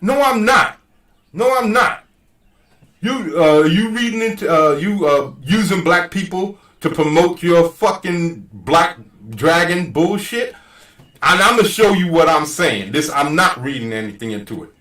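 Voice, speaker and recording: A man's voice: on the high side, animated, measured pace, fairly bright tone, echoey room, far from the mic. A man hosting his own channel in a heated casual rant, profane, emphatic and argumentative. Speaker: channel host.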